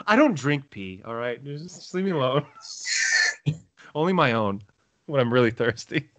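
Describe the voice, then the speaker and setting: A man's voice: mid-range voice, very animated, normal speed, pauses often, a bit bright, no echo. A young man co-hosting a podcast, rambling in crude casual chat, cursing and joking. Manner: rambling, profane, jokey, laughs a lot. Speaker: podcast co-host.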